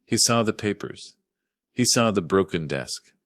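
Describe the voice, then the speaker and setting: An older man narrating a scripted first-person story in a measured, grave manner. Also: on the low side, expressive, fairly bright tone, dry recording, clean studio sound.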